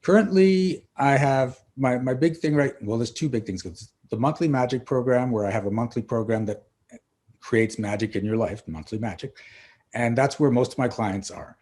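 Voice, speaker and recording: A middle-aged man, a coach and author, guesting on a podcast and telling lively stories, acting out the dialogue. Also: medium pitch, normal speed. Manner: animated storyteller acting out dialogue. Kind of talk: casual interview storytelling.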